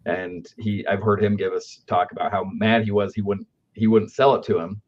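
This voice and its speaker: A man with a lowish voice tells business anecdotes in an easy, conversational way and often tags his points with a quick "right?". The audio is dull and lo-fi. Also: flat delivery. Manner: anecdotal, keeps asking "right?". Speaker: aftercare company speaker.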